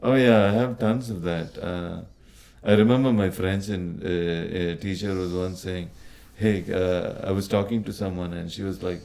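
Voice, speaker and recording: A man with an Indian accent, a podcast guest talking casually, often pausing and restarting. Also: on the low side, gravelly, darkish tone. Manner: hesitant, many restarts and fillers. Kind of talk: casual conversation.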